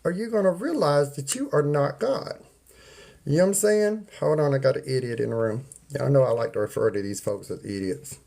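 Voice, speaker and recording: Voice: medium pitch, brisk, creaky, dark tone. A livestreamer ranting to viewers in a folksy, preachy way, repeating points and greeting people in the chat by name. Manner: folksy, uses y'all and ain't. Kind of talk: casual live-stream rant to viewers.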